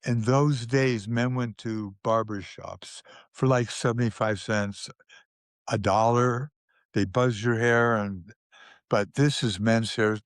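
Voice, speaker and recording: Slow-talking older man telling stories. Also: medium pitch, steady tone, no echo, clean studio sound. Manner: unhurried storyteller, with frequent restarts and chuckles. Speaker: interview guest. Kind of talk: telling anecdotes in a conversational interview.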